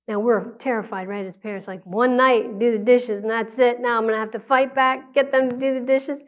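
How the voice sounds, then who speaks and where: A woman's voice: on the high side, steady tone, a little fast, hardly any pauses. A woman giving a conversational public talk on parenting, acting out quotes from parents and children. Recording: dull lo-fi sound.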